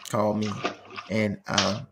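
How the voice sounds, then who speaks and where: A man's voice: fairly low pitch, takes it slowly. A man telling a family story in casual chat, laughing often and acting out the voices of the people in it. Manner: animated, laughing, acts out voices in stories. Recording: noisy background.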